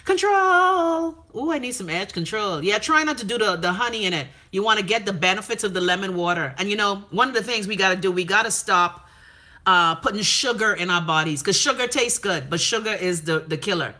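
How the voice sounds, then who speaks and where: A woman's voice: medium pitch, fairly quick, bright, forceful tone. A woman with a Bahamian accent, hosting a casual live stream, reading viewer comments and giving blunt, profane commentary.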